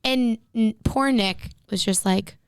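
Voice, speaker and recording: A woman in her twenties chats with her sister on a podcast, laughing often as she tells stories. Her voice is smooth and clear, a little higher than most. The sound is dry and close. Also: slow pace, no echo. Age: 20s. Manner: giggly, chatty storyteller. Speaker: podcast co-host. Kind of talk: casual chat.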